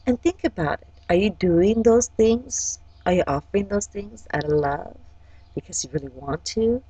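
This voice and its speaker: A woman who works as an astrology forecaster and life coach gives a casual, chatty horoscope, addressing each sign directly and often asking "okay?" Her medium-pitched voice is warm and slightly rough at a moderate pace, with no echo but a rough recording.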